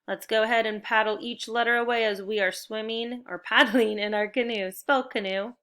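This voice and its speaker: Leading a spelling lesson for young kids, a woman teacher stays upbeat and encouraging, giving clear step-by-step directions. Her voice is a little high and a bit bright, with fairly even intonation at a normal speed.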